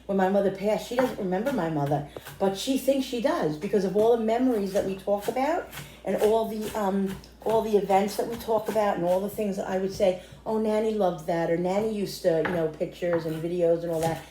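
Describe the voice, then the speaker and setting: In her home kitchen, a middle-aged cooking vlogger chats with viewers in a brisk, warm, mid-range voice, the room echoey. She's rambling and emotional as she cooks, often calling them "guys."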